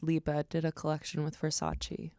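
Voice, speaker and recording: A young woman with a low, fry-edged voice tells stories on a podcast, swearing freely and acting out the lines people said. The sound is dry and close. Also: monotone, moderate pace, dark tone, no room sound. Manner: storytelling, swears freely, acts out quotes. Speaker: podcast guest. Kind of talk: casual chat.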